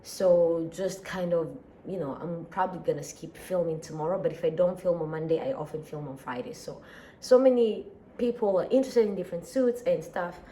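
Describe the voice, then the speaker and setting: A woman's voice: lowish voice, a little fast, dark tone, a little hiss or hum. A woman with an East African accent, a tired, sleepy daily vlogger chatting casually and rambling, with frequent sighs and laughs. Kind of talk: casual chat.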